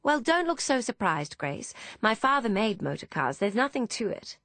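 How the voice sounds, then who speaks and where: An anxious young gentlewoman giving quick, firm orders, as a woman narrator puts her on. Her voice lifts above the narrator's and stays close and dry. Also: fairly high pitch, big pitch swings, no echo, voice pushed up. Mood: urgent. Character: anxious young upper-class English woman.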